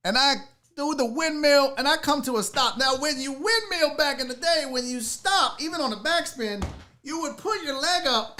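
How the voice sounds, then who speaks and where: A man in his forties hosting a podcast and telling a comedic story, animated and profane, swinging from loud bursts to low asides. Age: 40s. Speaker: podcast host. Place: seated in a chair.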